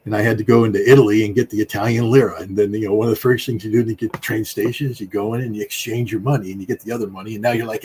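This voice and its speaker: A man's voice: lowish voice, steady tone, rapid-fire, darkish tone, husky. A middle-aged man from the United States, a guest commentator talking in a rambling, emphatic way, with many fillers and restarts. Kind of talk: conversational political commentary.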